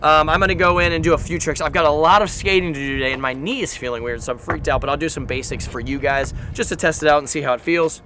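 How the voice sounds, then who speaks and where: A young man from Southern California, a skateboarding vlogger telling stories in a chatty, animated way full of fillers. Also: fairly high pitch, quick pace, hardly any pauses, a little hiss or hum. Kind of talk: casual storytelling vlog.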